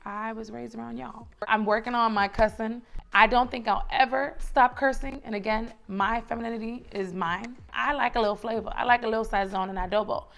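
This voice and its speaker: A woman's voice: fairly high pitch, fairly even intonation, brisk, hardly any pauses, fairly bright tone, a little hiss or hum. A young woman from the Bronx with a New York accent, giving casual lifestyle advice in a chatty, emphatic way. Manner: chatty, emphatic, repeats phrases for rhythm. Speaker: lifestyle vlogger.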